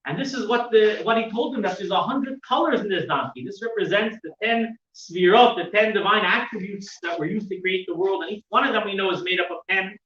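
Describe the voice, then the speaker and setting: Guy teaching a torah class, high bright voice, roomy and kinda far off mic. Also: a little fast, hardly any pauses. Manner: animated storytelling with fillers and restarts. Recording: roomy, dull sound from a distant mic.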